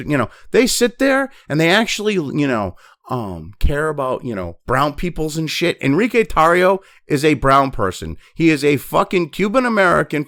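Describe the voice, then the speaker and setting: A man's voice: on the high side, fairly bright tone, dry recording, studio quality. A man hosting a news commentary show, ranting angrily and swearing constantly. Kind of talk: angry profane rant.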